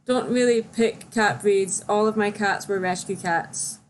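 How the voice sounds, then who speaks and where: A woman's voice: medium pitch, unhurried, slight background noise. Chatty young woman livestreamer. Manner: chatty, reads chat questions aloud. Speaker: livestream host. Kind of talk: casual livestream chat.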